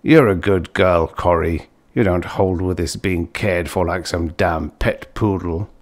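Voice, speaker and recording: A man's voice: sits low, a little slow. A man voicing a scornful old grandfather who grumbles and dismisses what he hears. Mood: grumbling.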